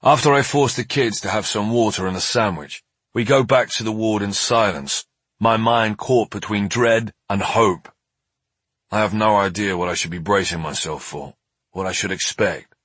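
Male audiobook narrator, low husky voice, tense first-person delivery. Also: moderate pace, a bit bright, no room sound.

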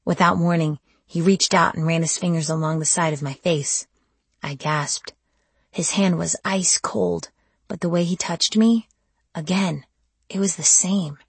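Woman narrator, low husky voice, dry close sound, measured first-person storytelling. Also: no echo. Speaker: audiobook narrator.

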